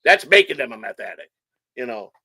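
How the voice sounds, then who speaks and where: A man's voice: medium pitch, big pitch swings, fairly quick, gravelly, a crowd in the background. A middle-aged man from Chicago, hosting a casual livestream chat and telling rambling, profane stories in a hyper, nonstop way. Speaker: show host.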